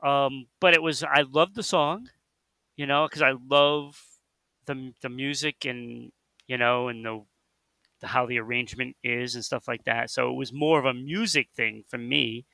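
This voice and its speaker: A man co-hosting a casual radio chat about music, rambling and animated, with lots of fillers and restarts. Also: mid-range voice, measured pace, creaky, dry recording. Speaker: co-host.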